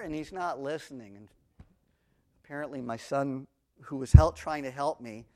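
A man teaching an expository sermon on the Psalms, swinging between booming emphasis on scripture and quiet asides, with a personal story mixed in. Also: lively intonation, moderate pace. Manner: reads scripture aloud with rising intensity. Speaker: Bible teacher.

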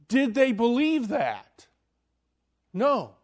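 A high-voiced man preaching a sermon at an unhurried pace. He is dramatic, swinging from loud, emphatic lines down to near-hushed ones. He keeps asking the listeners questions. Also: big pitch swings.

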